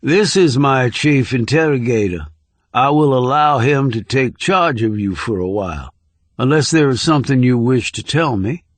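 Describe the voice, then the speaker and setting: A man voicing a menacing middle-aged male interrogator who speaks formally, slowly and with condescension. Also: medium pitch, expressive, no room sound, close to an everyday voice. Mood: threatening.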